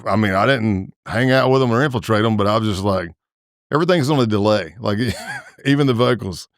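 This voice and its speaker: A former FBI agent appearing as a podcast guest tells stories in a casual interview, speaking fairly quickly on clean studio audio with no echo. He's an animated storyteller who acts out the voices of the people in them with big pitch jumps.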